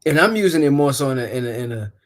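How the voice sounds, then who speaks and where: A man's voice: mid-range voice, animated, quick pace. A man hosting a casual podcast chat, explaining things in a loose, rambling way and laughing often. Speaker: podcast host.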